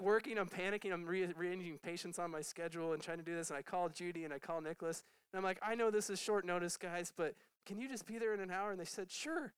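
A man, a pastor, telling a story to his church in an animated testimony, his voice jumping high when he is excited. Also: smooth, dry recording, rough recording. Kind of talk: sermon testimony.

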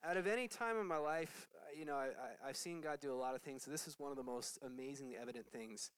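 A man, a pastor, telling a story to his church in an animated testimony, his voice jumping high when he is excited. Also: fast, smooth, rough recording. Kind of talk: sermon testimony.

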